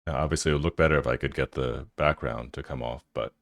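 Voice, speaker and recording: Man, tech channel host, casual screen commentary, very deep voice, dry close sound. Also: fairly even intonation, fast talker, vocal fry, dry recording. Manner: loose, thinking aloud with fillers.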